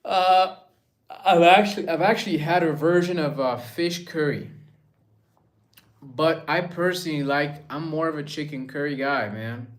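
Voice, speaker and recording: A man's voice: fairly high pitch, a little slow. A young man casually chatting on a livestream, reading viewer messages aloud and musing in a laid-back way.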